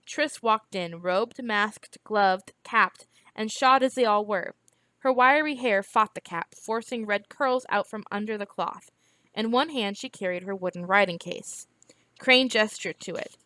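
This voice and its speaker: A woman reading a novel aloud in a steady, even storytelling manner. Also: mid-range voice, a little slow, no echo. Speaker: reader.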